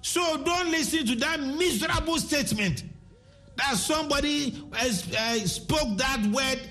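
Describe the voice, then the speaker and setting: A man's voice: very high-pitched, lively intonation, a little slow, bright, forceful tone. A man with a Ghanaian accent preaching a sermon, switching between English and Twi, repeating his words and sometimes singing his phrases.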